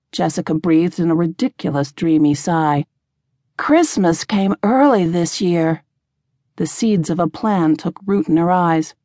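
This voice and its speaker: Low-voiced woman narrating a novel. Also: a little mellow, dry recording, clean studio sound. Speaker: audiobook narrator. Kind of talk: scripted narration.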